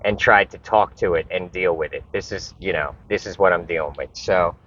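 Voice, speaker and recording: Low-voiced man telling a rambling story. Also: brisk, fairly bright tone, a little hiss or hum. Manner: rambling, profane, repeats and restarts. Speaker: vlogger. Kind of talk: casual storytelling to camera. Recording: dull lo-fi recording.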